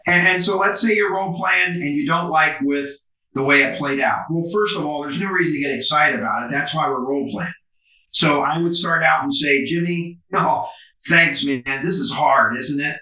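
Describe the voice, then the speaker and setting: A man's voice: a little high, fairly quick, bright, forceful tone. A man being interviewed as a business coach over a video call, talking emphatically and animatedly. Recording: roomy, distant video call audio.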